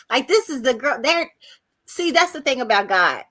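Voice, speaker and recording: A woman guest on a video-call podcast, telling her life story in a casual, animated way and acting out other people's words. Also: sits high, moderate pace.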